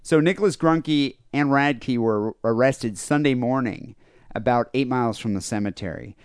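A man's voice: mid-range voice, normal speed, clean tone, no echo, studio quality. A man co-hosting a comedy podcast, retelling a news story in crude, joking casual chat with plenty of fillers. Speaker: podcast co-host.

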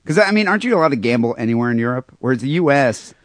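A man's voice: medium pitch, lively intonation, rapid-fire, dry recording. A man co-hosting a casual podcast, talking offhandedly and irreverently, often repeating words as he starts a thought. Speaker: podcast co-host.

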